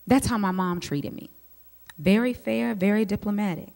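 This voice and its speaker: A woman, a psychologist giving a teaching talk to a group of women, telling lively personal stories and speaking straight to her listeners. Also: medium pitch, moderate pace, creaky. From United States. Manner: lively storyteller who speaks straight to the audience. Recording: long hall reverb.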